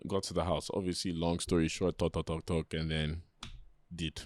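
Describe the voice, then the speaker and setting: Animated young man. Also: low voice, normal speed, dry recording. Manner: animated storyteller, slangy, acts out quoted voices. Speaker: podcast co-host. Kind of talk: casual storytelling chat.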